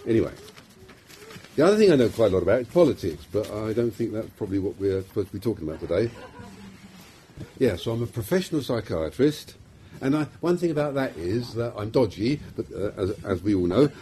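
A man's voice: fairly low pitch, very animated, brisk, warm tone, slight background noise. A middle-aged man with a London accent, a psychiatrist giving an informal, self-deprecating talk to a small group, full of fillers and restarts. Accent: London English.

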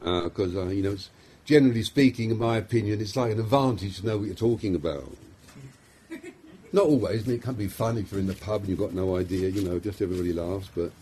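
This middle-aged psychiatrist speaks with a London accent, giving a casual, self-deprecating talk to a small group that's packed with fillers and restarts. His voice is lowish and warm, he talks fast, and there's slight background noise.

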